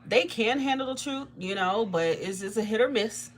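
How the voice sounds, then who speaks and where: A tarot reader speaks at a moderate pace during a relaxed livestream, cursing freely and not mincing words. She laughs a lot, and her voice shoots up high without warning.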